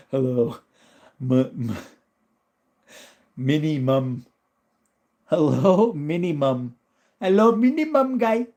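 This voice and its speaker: An American man hosting a casual live stream, chatting loosely, reading out comments and laughing often. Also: lowish voice. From United States. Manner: relaxed, chatty, reads chat aloud and laughs often.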